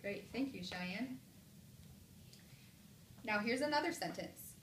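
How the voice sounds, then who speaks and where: A woman teacher leads a classroom mini lesson. She gives clear, encouraging prompts and reads example sentences slowly and with exaggeration. She is recorded from a distance in an echoey room, with a light hiss behind. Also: on the high side, lively intonation.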